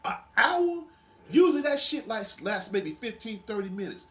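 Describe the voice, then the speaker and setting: A man with a high-pitched, brisk delivery hosts a gaming show in a casual style. His wrestling game stories come out animated, with frequent laughter and unfiltered swearing.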